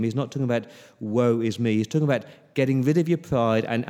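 A man preaching an earnest sermon, often repeating words and dropping into soft, pleading passages. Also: mid-range voice. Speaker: pastor. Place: church hall. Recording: long church reverb.

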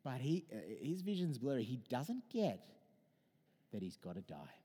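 A man in his thirties preaching a sermon in a conversational, animated way, mixing in personal stories. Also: medium pitch, moderate pace, husky, in a large hall. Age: 30s.

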